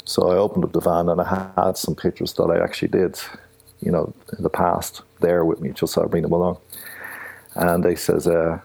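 An older man with an Irish accent spins a rambling story, stopping and restarting as he retells what was said. His voice sits low and gravelly, with a husky edge. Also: warm tone. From Ireland. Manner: rambling, halting, retells dialogue with "I says". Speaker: guest, artist. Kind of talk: casual storytelling.

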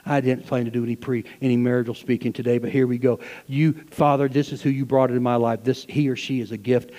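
A man preaching a sermon to his church, swinging between loud, fervent passages and hushed asides. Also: mid-range voice, fairly even intonation, fast talker, long reverb tail. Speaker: pastor. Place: church sanctuary.

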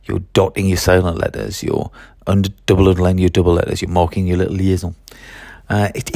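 A man's voice: deep voice, darkish tone, no echo, clean studio sound. A man who teaches French, talking through his methods in a chatty solo podcast, with fillers and restarts.

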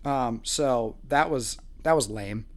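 A man's voice: mid-range voice, takes it slowly. A man co-hosting a casual chat, joking and laughing as he rants about a dating show. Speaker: podcast co-host.

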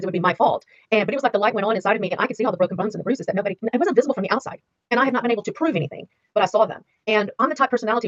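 A woman's voice: a little high, no echo. A woman in her sixties telling her own story in an interview, emphatic and repeating key words for weight. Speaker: interview guest. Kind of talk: candid personal storytelling interview. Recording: dry, slightly dull lo-fi sound.

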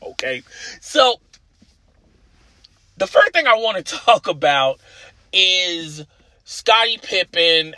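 Bright-voiced rambling male podcast host. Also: mid-range voice, dry recording. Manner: rambling, chatty, keeps asking "okay?". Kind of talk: casual solo podcast monologue.

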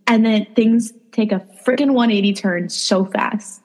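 A young woman co-hosting a podcast, telling dating stories in a casual, animated way, acting out quotes and saying "like" a lot. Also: medium pitch, unhurried. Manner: animated, acts out quotes, lots of "like". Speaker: podcast co-host. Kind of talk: casual storytelling chat.

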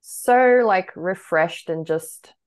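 A woman's voice: on the low side, clean tone. A young woman co-hosting a podcast, chatting casually, laughing often and talking in bursts with lots of fillers. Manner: bubbly, laughs often, talks in quick bursts with many fillers. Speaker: podcast co-host. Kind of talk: casual chat.

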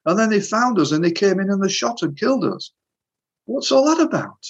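A man voicing an anxious, frightened young man in a retold story, his voice pushed higher and pleading. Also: sing-song, fairly quick, husky, lo-fi sound, exaggerated voice. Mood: bewildered.

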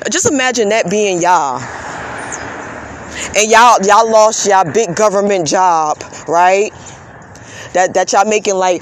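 A woman's voice: medium pitch, slight background noise. A woman vlogger delivering an impassioned, profane rant. She stammers into restarts and keeps throwing rhetorical questions at her viewers. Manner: fervent and preachy, prone to stammered restarts. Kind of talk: impassioned social media rant.

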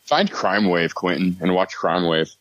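A male podcast co-host with a very low voice, trading wry, laid-back remarks in a group chat. His delivery swings lively in pitch, heard through a dull, lo-fi, dry-sounding mic. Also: a little slow.

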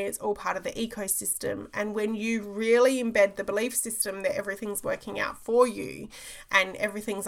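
A woman's voice: mid-range voice, creaky. A woman, a business coach giving an emphatic motivational talk, repeating phrases and checking in with "okay?".

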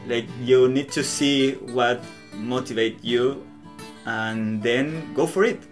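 A man's voice: medium pitch, slow. A young man from Latin America, a native Spanish speaker talking English with a Latin American Spanish accent, chatting as a podcast guest in a hesitant way, often restarting his sentences and acting out little bits of dialogue. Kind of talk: casual conversation. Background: guitar music.

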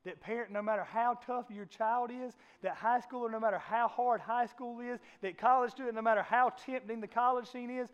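Male pastor with a very high voice, preaching with passion and swinging dynamics. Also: lo-fi sound. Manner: impassioned preaching, rising and falling, acts out voices in a casual way. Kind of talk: sermon.

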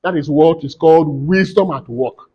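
A man's voice: a little high, moderate pace, breathy edge, dull audio. A man preaching a sermon in church, emphatic and repetitive, asking the congregation to fill in his questions.

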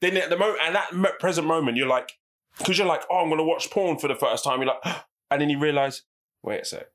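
A man's voice: fairly high pitch, fast talker, a bit bright. A man co-hosting a casual podcast, blunt and sweary, acting out little scenes, recorded on a studio microphone. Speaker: podcast co-host.

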